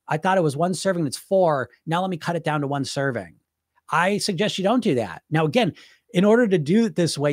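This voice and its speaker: A man's voice: fairly high pitch, no echo, studio quality. A man coaching about weight loss in a casual, rambling live-stream talk, full of restarts and asides.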